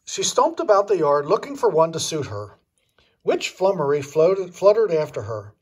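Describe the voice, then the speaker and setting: An older man, a grandfather reading a children's picture book aloud in an expressive way, pointing out the pictures. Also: a little high, normal speed, slightly rough.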